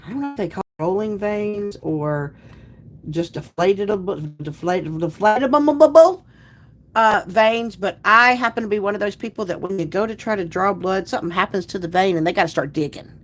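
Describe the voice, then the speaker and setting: A woman's voice: mid-range voice, normal speed, fairly bright tone. Chatty woman hosting a livestream. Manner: chatty, rambling, restarts sentences. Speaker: livestream host. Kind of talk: casual live-stream chat, reading viewer comments.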